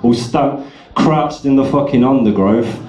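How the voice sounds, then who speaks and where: A man's voice: measured pace, a little mellow, echoey room. A slightly drunk man doing rambling, sweary stand-up at an open mic night in a pub. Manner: rambling, sweary, puts on shrill voices. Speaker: stand-up comedian. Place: pub function room.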